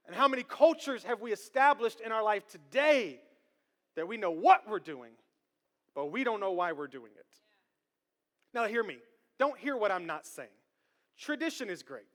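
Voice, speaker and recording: A man preaching a sermon as pastor, animated, repeating words and building to emphatic questions. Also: high voice, normal speed, long pauses. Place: church sanctuary. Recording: long hall reverb.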